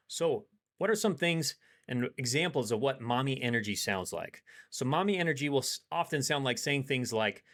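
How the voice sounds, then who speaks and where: A man giving dating advice in a calm, steady, coaching monologue. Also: mid-range voice. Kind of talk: instructional monologue.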